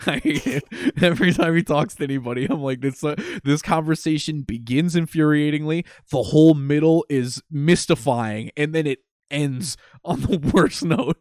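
A man in casual chat, animated and exasperated, acting out what characters say. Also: on the high side, moderate pace, no room sound, studio quality. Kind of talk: casual chat about a video game.

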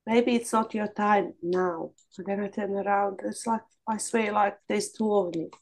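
A woman sharing her struggles candidly on a video call, blunt and animated, swearing freely. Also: mid-range voice, moderate pace, poor audio. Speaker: coaching group participant.

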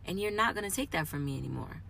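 A woman in a raw, emotional personal monologue, moving between quiet reflection and angry outbursts. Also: on the low side, animated, fast, gravelly, husky.

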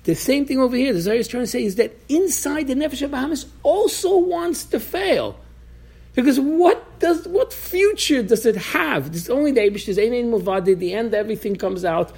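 A man's voice: very high voice, expressive, brisk, vocal fry, darkish tone, breathy edge. A man giving an informal Torah class, talking animatedly, acting out voices from the story, and often restarting his sentences. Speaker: Torah teacher.

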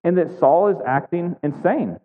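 A pastor with a high-pitched, expressive voice preaches at a moderate pace, retelling a scripture story conversationally and checking in with "right?" along the way. The recording sounds thin and phone-like, in an echoey hall.

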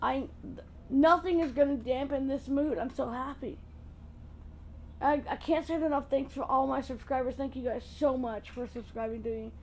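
A woman hosting her own podcast, chatting in a gushing, excitable way. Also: high voice, moderate pace, slight background noise, poor audio. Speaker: podcast host. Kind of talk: casual podcast chat.

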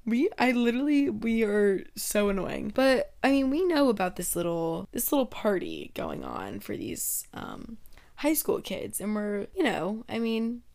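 A woman's voice: mid-range voice, huge pitch swings, measured pace, darkish tone. A young adult woman hosting a podcast, telling stories in a casual, chatty way, swearing freely and leaning heavily on "like.". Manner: chatty, profane, lots of "like" fillers. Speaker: podcast host. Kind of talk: casual storytelling chat.

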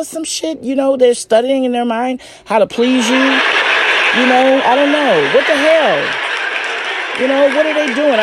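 A woman's voice: high voice, slight background noise. A woman talking casually and bluntly about relationships, cursing and laughing often and addressing her listeners directly. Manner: addresses listeners as ladies and gentlemen. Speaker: relationship advice host. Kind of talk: casual advice monologue.

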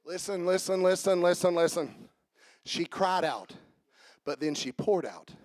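High-voiced male preacher, dry sound. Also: lively intonation, measured pace, dry recording. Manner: storytelling, swings from quiet asides to fervent shouting; repeats phrases for emphasis. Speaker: pastor. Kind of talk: sermon.

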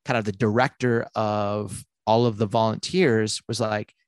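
A man, a podcast guest telling a story in a casual, animated way, full of fillers and restarts. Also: on the low side, smooth, no room sound, clean studio sound. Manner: animated, quick bursts with many fillers and restarts.

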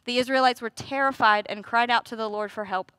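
Bright high-voiced woman preaching. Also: brisk, clear, resonant tone. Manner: conversational, laughs and asides, animated rhetorical questions. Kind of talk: sermon.

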